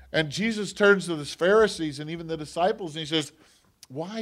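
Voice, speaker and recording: A man's voice: on the high side, fairly quick. Impassioned man preaching a sermon. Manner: swings from loud impassioned preaching to hushed, whispered quotes. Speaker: pastor.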